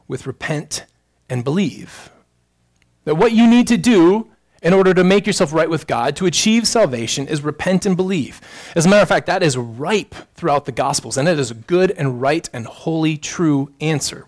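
A man preaching a sermon as pastor, addressing the congregation directly with earnest rhetorical questions. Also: fairly high pitch.

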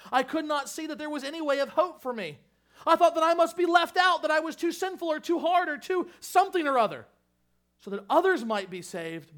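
A pastor delivering an impassioned sermon, emphatic and repetitive, swinging from raised fervor to hushed intensity. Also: male voice, very high voice. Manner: impassioned, emphatic preaching with repeated phrases.

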